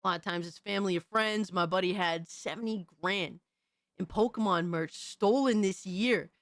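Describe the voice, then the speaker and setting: A woman hosting a casual livestream, talking to her chat in a profane, animated, slangy way. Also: mid-range voice, moderate pace, dry recording, clean studio sound. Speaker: livestream host reading chat.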